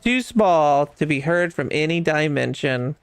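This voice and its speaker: A man's voice: on the high side, lively intonation, measured pace, clean tone, dry recording. Teasing man streaming a game. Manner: playful, teasing, boastful. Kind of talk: casual gaming chat.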